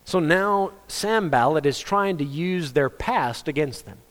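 A man's voice: fairly high pitch, expressive, unhurried, a bit bright. A man preaching a sermon as pastor, conversational and joking, acting out the voices he quotes. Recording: long reverb of a hall.

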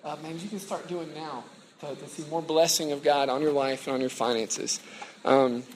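A man's voice: a little high, fairly even intonation, normal speed, roomy sound, background noise. A middle-aged man preaching in a casual, conversational way, with many fillers and restarts. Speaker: campus ministry pastor. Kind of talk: sermon.

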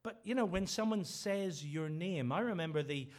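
A man's voice: high-pitched, animated, moderate pace. A middle-aged man from Ireland, preaching a sermon with earnest, emphatic repeated phrases. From Northern Ireland.

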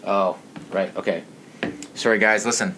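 A man's voice: on the low side, steady tone, a little slow, bright, forceful tone, a little hiss or hum. A man ranting about sports to his channel's viewers, outraged, profane and a little tipsy.

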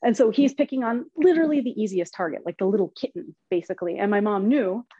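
A woman telling personal stories in casual chat, animated and swearing freely, laughing as she goes. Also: medium pitch, fast talker, breathy edge, no room sound, muffled recording. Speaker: podcast guest. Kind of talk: casual storytelling.

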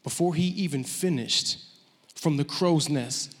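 A preacher spinning a story from the pulpit in a relaxed, joking way, somewhat high for a man. His voice carries a long church hall reverb. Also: measured pace. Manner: casual, joking, self-deprecating. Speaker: pastor. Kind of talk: sermon storytelling.

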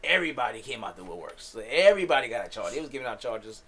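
A man's voice: mid-range voice, very animated, very fast, a bit bright, breathy edge. A man hosting a podcast in loose, profane, joking casual chat. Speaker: podcast host.

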